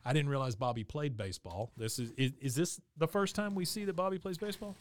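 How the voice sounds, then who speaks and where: A man's voice: quick pace, a little hiss or hum. A man casually recapping a cartoon episode on a podcast, narrating scenes and briefly voicing the characters' lines. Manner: retells scenes, acting out character lines with raised pitch; frequent fillers and restarts while narrating. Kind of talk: casual chat.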